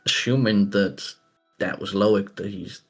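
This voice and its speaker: A man's voice: on the low side, steady tone, unhurried, husky, faint music behind. A man playing a tabletop game who describes his character's actions hesitantly, with many fillers. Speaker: player.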